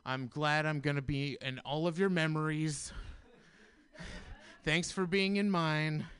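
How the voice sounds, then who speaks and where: A male comedian stammering through a halting sign-off as he leaves the stage. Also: on the high side, fairly even intonation, fairly bright tone, clean tone.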